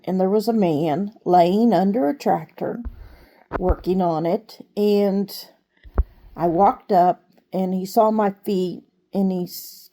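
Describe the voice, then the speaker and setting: A woman telling a true story from her own life in an unhurried, conversational way, with fillers. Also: medium pitch, dark tone. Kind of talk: personal storytelling.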